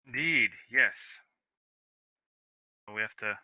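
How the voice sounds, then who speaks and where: A man's voice: medium pitch, big pitch swings, a little fast, pushed and bright, no room sound, low-quality recording. A man playing in a tabletop game, chatting casually and jokily with stammering restarts. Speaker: player.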